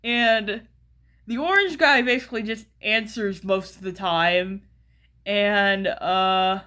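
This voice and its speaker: American woman, casual video commentary, unhurried and rambling, lots of ums and self-corrections, mid-pitched. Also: sharp tone. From United States. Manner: rambling, many fillers and restarts, chuckles often. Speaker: YouTuber.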